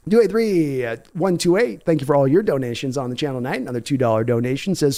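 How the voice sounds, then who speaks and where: A man hosting a live game reaction stream, with a voice that sounds worn and fading. He breaks down plays and answers viewer comments analytically. His timbre is mellow and warm, pitched slightly high. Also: fast talker, few pauses. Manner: analytical, reads donor comments aloud. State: voice fading, tired.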